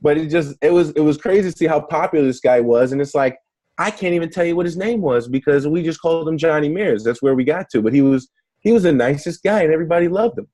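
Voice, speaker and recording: A man's voice: fairly high pitch, fast talker, mellow. A young man, a negotiation trainer, talking casually in an interview, chatty and full of fillers and restarts.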